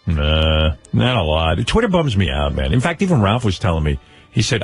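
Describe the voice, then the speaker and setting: A man hosting a radio show, teasing his caller in quick, joking banter and laughing often. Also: low-pitched, huge pitch swings, breathy edge, faint music behind.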